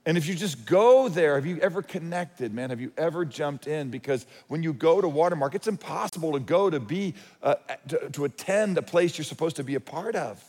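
Expressive and fairly quick, with hardly any pauses, this pastor's a-little-high, slightly mellow voice delivers a sermon like a story told in conversation. He frequently restarts his sentences, and a large hall gives the recording a long reverb.

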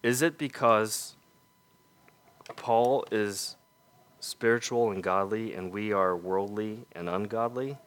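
A male preacher delivering a sermon in a low voice. He talks slowly and deliberately and asks his listeners one rhetorical question after another. On his key points his voice falls soft and quiet. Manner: earnest, rhetorical questions, drops to soft emphatic lows.

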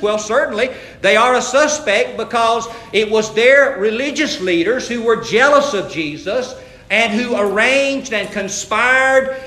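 Male pastor, sermon delivery, emphatic on scripture, bright tense tone, echoey room. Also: extremely high pitch. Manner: storytelling, rising to emphatic scripture reading.

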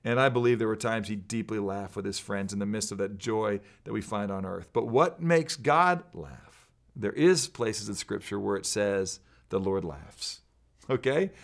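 A man's voice: lowish voice, gravelly. A man teaching from scripture in an earnest, emphatic way, quoting verses. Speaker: pastor. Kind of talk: preaching bible teaching.

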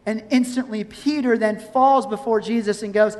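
A woman preaching a sermon in a conversational, animated way, reading verses and acting out scenes. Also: fairly high pitch, normal speed, few pauses. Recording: long hall reverb.

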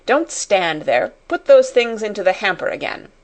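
A woman voicing a harsh headmistress who scolds and commands, her voice loud and cutting. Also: mid-range voice, big pitch swings, normal speed, close to an everyday voice. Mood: furious.

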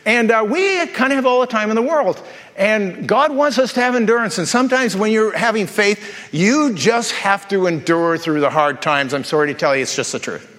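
A man's voice: high voice, expressive, fairly bright tone, in a large hall. A male pastor preaching a sermon with humorous storytelling and playful asides. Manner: jokey storytelling, quick asides and self-repeats.

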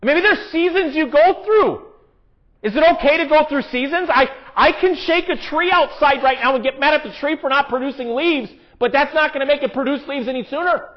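Man, pastor, very high voice, earnest conversational sermon, dull lo-fi sound. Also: brisk. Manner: earnest, conversational preaching with emphatic rises.

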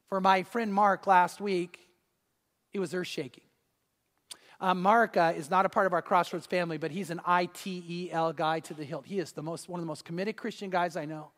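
Pastor guy preaching, kinda high voice, big echoey church. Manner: storytelling, swings from loud to hushed. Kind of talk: sermon. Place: church hall.

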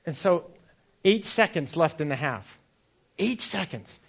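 A man's voice: fairly high pitch, expressive, unhurried, gravelly. A middle-aged man giving a sermon, asking the listeners direct questions and telling personal stories. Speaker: pastor.

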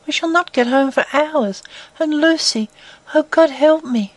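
A woman's voice: fairly high pitch, lively intonation, moderate pace, darkish tone, no echo, close to an everyday voice, rough recording. A woman reading the part of a distressed young woman who speaks in an agitated, tearful way. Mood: anguished. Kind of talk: audiobook reading.

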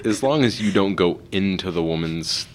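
A man's voice: low voice, lively intonation, moderate pace, a loud crowd. A young man co-hosting a podcast, chatting casually with dry jokes. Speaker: podcast co-host. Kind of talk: casual chat.

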